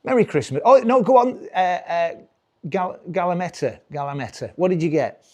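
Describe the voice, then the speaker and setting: A British man in his forties performs live stand-up in a rambling, self-interrupting way. His voice sits a little high, and he chuckles at his own jokes as he goes. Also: animated, moderate pace, darkish tone. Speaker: stand-up comedian.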